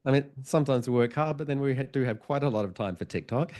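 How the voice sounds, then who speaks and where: A man's voice: mid-range voice, quick pace, a little mellow. A man, a hypnotherapist guest on a podcast, telling a personal story in an earnest, reflective way and laughing often, sometimes getting emotional. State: emotional, choked up. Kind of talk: conversational storytelling.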